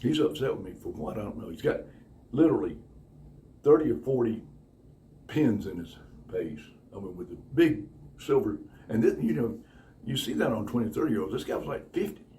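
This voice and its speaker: A man telling casual stories in an animated, profane way, acting out other people. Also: moderate pace. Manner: animated, profane, acts out other people's voices with big pitch jumps and laughter. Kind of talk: casual anecdotal storytelling. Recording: slightly distant mic with faint room noise.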